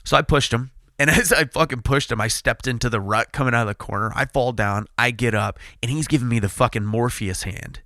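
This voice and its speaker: A man in his thirties telling a racing story in a casual podcast chat, animated and profane, acting out the quotes. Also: medium pitch, brisk, few pauses, no room sound, studio quality. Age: 30s. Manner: loud, excited retelling. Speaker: podcast host.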